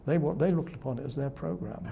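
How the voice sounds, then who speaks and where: Gravelly older man telling anecdotes. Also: a little high, fast, mellow, highs cut off, slight background noise. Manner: chuckling storyteller who acts out quoted voices. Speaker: television presenter. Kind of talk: reminiscing interview anecdotes.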